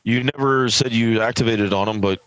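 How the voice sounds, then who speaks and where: A man's voice: medium pitch, normal speed, a bit bright, dry recording, poor audio. A man from California who runs a tabletop game, narrating scenes with lots of fillers and self-corrections. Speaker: game master.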